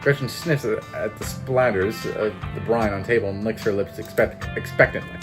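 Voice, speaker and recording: A man's voice: lowish voice, moderate pace, hardly any pauses, music in the background. A man reading a narrative game aloud with casual, swearing commentary and laughing asides. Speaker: gameplay streamer.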